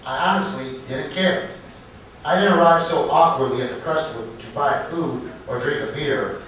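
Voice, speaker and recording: Halting man telling a story on stage. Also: fairly high pitch, fairly bright tone, slight background noise. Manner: halting, deliberate, self-correcting delivery. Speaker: open mic comedian. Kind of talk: storytelling stand-up set. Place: comedy club at an open mic night. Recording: echoey club recorded from far off.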